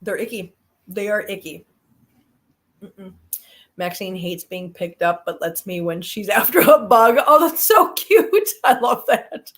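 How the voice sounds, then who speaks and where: A woman hosting a live stream, chatting casually with viewers and telling stories animatedly, swinging from low grumbles to high squeals. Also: lively intonation, unhurried, a bit bright.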